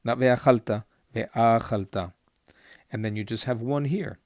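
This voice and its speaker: Patient male teacher, mid-pitched voice, chants words slowly and then explains them; dry, close sound. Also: a little mellow, no room sound. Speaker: Hebrew teacher. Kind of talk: lesson on Torah cantillation.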